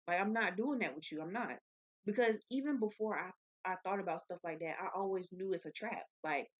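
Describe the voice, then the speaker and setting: A young woman talking straight to her audience in a blunt, profane, animated way. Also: medium pitch. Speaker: vlogger. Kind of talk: casual rambling monologue. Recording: dull lo-fi sound.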